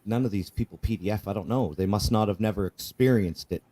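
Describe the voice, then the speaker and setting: Low, mellow-voiced man giving testimony. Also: fast talker. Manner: earnest, tag questions, repeats himself. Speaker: guest sharing his life story. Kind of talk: candid spoken testimony.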